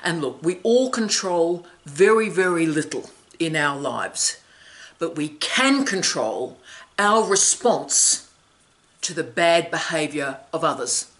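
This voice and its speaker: A middle-aged woman talks straight to camera as a vlog host, her voice sitting fairly low. She delivers her advice emphatically, leaning into theatrical flourishes and breaking into laughs between phrases. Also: expressive, slow, a bit bright.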